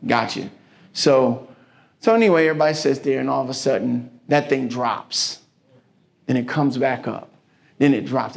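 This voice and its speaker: At a business mixer, a man gives a folksy, preacherly motivational talk built on stories, acting out the voices of the characters in them. His voice is mid-range and creaky, at a normal speed.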